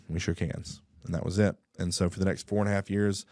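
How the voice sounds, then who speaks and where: Low-voiced man telling a story. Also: dry recording, clean studio sound. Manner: animated, acts out dialogue with quick voice shifts; frequent throat clearing and restarts. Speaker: guest telling his life story. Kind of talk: casual storytelling interview.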